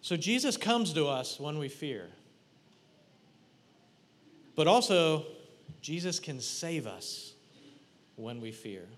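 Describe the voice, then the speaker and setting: Taking it slowly with long pauses, a preacher guides his congregation through a scene he asks them to imagine, speaking to them directly in an animated, playful way that teases and questions them. His voice runs a little high for a man and rings with long reverb in a large hall.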